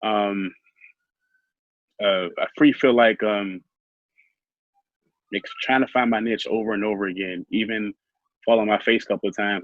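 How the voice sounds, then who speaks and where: A man telling his own story as an interview guest, soft-spoken and halting with many fillers. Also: lowish voice, steady tone, dry recording, narrow, tinny audio.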